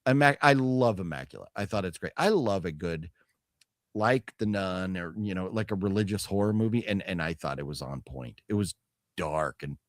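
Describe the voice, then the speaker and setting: A man's voice: deep voice, normal speed, no room sound, clean studio sound. A man co-hosting a casual show about a movie haul, rambling with restarts, swearing freely and reading product blurbs aloud. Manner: restarts sentences, hedging fillers. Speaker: co-host of a physical media haul show. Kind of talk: casual chat.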